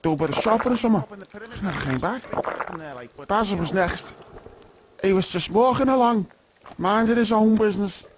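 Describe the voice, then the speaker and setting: A man's voice: high-pitched, noisy background. A man voicing a nervous, rambling male bug worker in a game cutscene.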